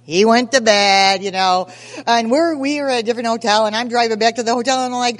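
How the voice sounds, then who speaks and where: A woman in her sixties telling stories at a recovery meeting, lively and self-mocking, acting out scenes as she goes. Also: medium pitch, brisk, big-room sound. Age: 60s. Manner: animated, self-mocking storyteller who acts out scenes. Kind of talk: personal testimony at a recovery meeting.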